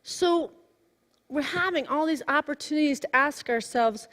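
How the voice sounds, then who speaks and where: A woman in her forties giving a sermon, telling a personal story in a lively way that swings from hushed to exclaiming. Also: high-pitched, moderate pace. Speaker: minister. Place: church sanctuary. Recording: long hall reverb.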